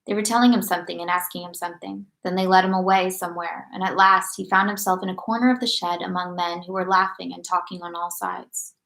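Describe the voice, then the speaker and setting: A woman reading a classic novel aloud at a steady, measured pace. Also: lowish voice, creaky. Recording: echoey room.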